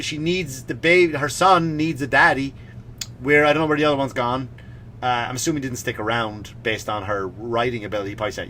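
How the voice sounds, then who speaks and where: A male comedian on his podcast, ranting in a sarcastic, mock-serious way. His voice is bright and forceful, and a faint hiss sits under the recording. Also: medium pitch. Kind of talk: comedic rant.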